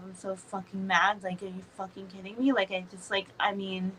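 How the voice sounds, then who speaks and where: A woman co-hosting a podcast in casual chat, expressive, laughing often and swearing freely. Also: mid-range voice, fairly quick, breathy edge, rough recording. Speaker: podcast co-host.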